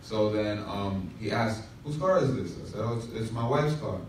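A man's voice: on the low side, moderate pace, a little hiss or hum. Man pastor, humorous storytelling sermon, distant mic, echoey church hall. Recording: echoey room from far off.

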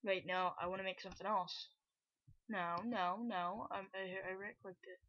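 A woman giving casual, self-mocking gameplay commentary, chatty and breaking into loud exclamations. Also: medium pitch, fairly even intonation, normal speed, no echo. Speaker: gameplay video host. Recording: dull lo-fi recording.

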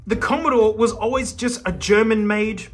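A man's voice: high-pitched, moderate pace, soft background music. A man with an Australian accent, chatting casually and laughing as he reacts to an old car magazine. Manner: laughing, excitable, jokey asides. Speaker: YouTube host. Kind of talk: casual commentary while flipping through an old car magazine.

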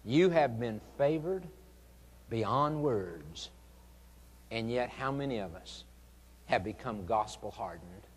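A man's voice: mid-range voice, expressive, slow, long pauses, breathy edge. Earnest male preacher in a reverberant hall. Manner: earnest pleading, rising to fervent emphasis. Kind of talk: evangelistic sermon.

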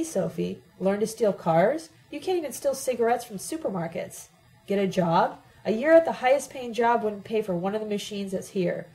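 Lady reading out an angry young guy ranting crude and blunt, mellow low-key voice, audiobook. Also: poor audio.

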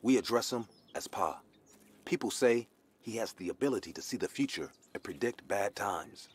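A man voicing a cautious young village boy in an animated horror story, with a husky tone. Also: on the low side, moderate pace. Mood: explaining.

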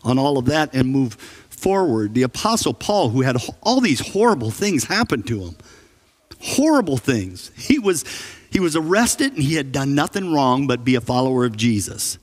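A man preaching a sermon as pastor, telling stories with humor and lively emphasis. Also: mid-range voice, moderate pace. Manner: animated storytelling with humor. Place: church sanctuary.

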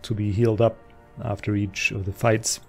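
Male let's play host, easygoing running commentary, dark gravelly tone. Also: lowish voice, flat delivery, moderate pace, soft background music. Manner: chatty, thinking aloud with fillers. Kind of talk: casual gameplay commentary. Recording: voice over game audio.

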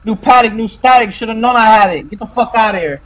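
A man voicing a loud, boastful male street gang member in a game role-play, taunting in heavy street slang. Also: high voice, quick pace. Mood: hyped taunting.

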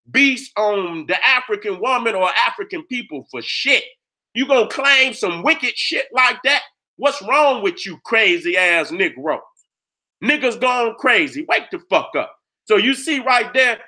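A man's voice: very high voice, pushed and bright. A man hosting his own channel, giving a heated, profane lecture to his viewers, repeating his points over and over for emphasis. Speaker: host presenting history with maps.

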